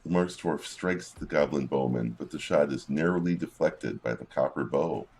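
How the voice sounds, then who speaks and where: A man with an extremely deep, husky voice talks through a video game in a relaxed, casual way. He reads the in-game combat reports aloud and drops wry little asides between them. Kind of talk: casual gameplay commentary.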